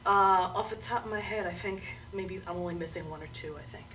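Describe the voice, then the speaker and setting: A woman comedian chatting casually and animatedly, often bursting into loud laughter. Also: medium pitch, brisk, distant mic. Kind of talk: casual chat.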